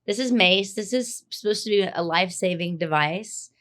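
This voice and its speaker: A woman's voice: medium pitch, moderate pace, fairly bright tone. A young woman co-hosting a podcast, telling a story in casual chat and acting out the other people's voices, laughing often. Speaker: podcast co-host.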